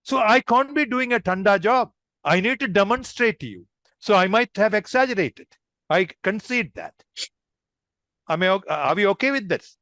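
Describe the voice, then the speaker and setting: A man's voice: high voice, expressive, moderate pace, a bit bright, dry recording, clean studio sound. A man leading an online public speaking workshop, demonstrative and addressing the group as friends.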